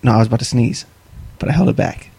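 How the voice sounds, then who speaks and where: A man's voice: mid-range voice, big pitch swings, quick pace, gravelly, warm tone, breathy edge. A man co-hosting a podcast, talking bluntly and profanely in casual chat. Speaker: podcast co-host.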